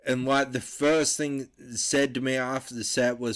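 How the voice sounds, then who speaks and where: A man telling stories in a relaxed, casual podcast chat, swearing freely. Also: medium pitch, measured pace, clear, resonant tone. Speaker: podcast guest.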